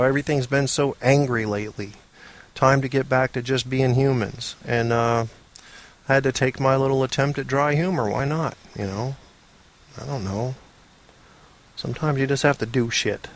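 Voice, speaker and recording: A man hosts a show on his own, talking in a loose, rambling monologue at an ordinary mid pitch. His humor is dry and self-mocking, and he swears offhandedly. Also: steady tone, normal speed. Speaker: podcast host. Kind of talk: casual solo monologue.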